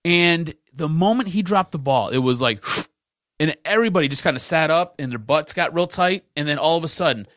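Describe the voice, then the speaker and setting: A man's voice: fairly high pitch, lively intonation, normal speed, a bit bright, no room sound, studio quality. A man hosting a sports podcast, ranting in casual talk and repeating himself for emphasis.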